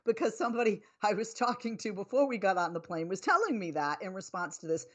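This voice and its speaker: A woman's voice: medium pitch, sing-song, fairly quick, few pauses. A woman hosting a talk radio show, telling a story and then scolding listeners in an exasperated, emphatic way. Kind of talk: opinionated talk radio monologue.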